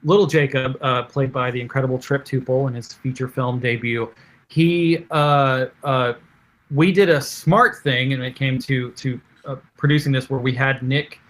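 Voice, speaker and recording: A man's voice: mid-range voice, steady tone, fairly bright tone. A man who is a film director, telling behind-the-scenes stories in a casual interview, full of fillers and restarts. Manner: halting, filler-heavy anecdotal storytelling. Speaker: film director, podcast guest.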